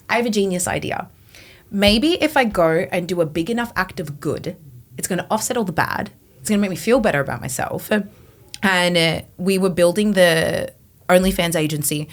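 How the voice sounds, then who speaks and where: A woman in her twenties, a podcast guest, telling her personal testimony in an animated way, acting out her past thoughts. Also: on the low side, fairly quick. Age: 20s.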